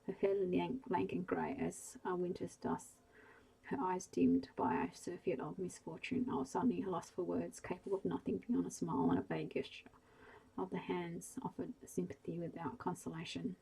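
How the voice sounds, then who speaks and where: A woman with a low, dark voice reads a bedtime story in a soft, hushed ASMR manner. Her tone is husky with a gravelly edge. She keeps her delivery flat and even throughout. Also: rough recording. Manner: slow, hushed, gentle reading.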